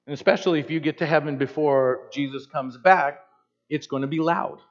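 Man in his fifties, pastor, sermon, animated and conversational, slightly dull lo-fi sound. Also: fairly high pitch, fairly quick. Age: 50s. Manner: animated, conversational, joking asides.

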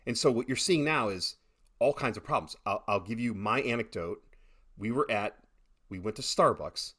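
Husky guy, middle-aged, casual podcast chat, keeps restarting his sentences. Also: lowish voice, normal speed. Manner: animated storytelling, many repeated starts.

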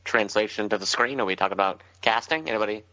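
A man co-hosting a casual comics podcast, speaking in a measured, informative way. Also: on the low side, pushed and bright, dry recording, muffled recording. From United States. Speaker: podcast co-host. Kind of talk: casual chat about comics.

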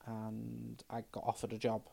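A woman's voice: rumbling low, completely flat delivery, moderate pace, vocal fry, mellow, slightly rough. A middle-aged trans woman, talking frankly as a podcast guest and telling stories with quoted dialogue. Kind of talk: casual chat.

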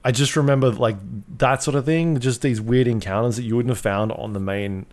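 A man's voice: mid-range voice, fairly even intonation, a little fast. A man co-hosting a casual podcast, rambling and full of fillers, swearing freely as he talks through his thoughts. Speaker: podcast co-host. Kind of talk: casual chat about video games.

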